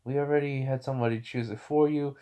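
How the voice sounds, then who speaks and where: A man's voice: mid-range voice, steady tone, fast talker, dark tone, smooth, lightly acted. A man voicing polite young female attendants in a formal, courteous way.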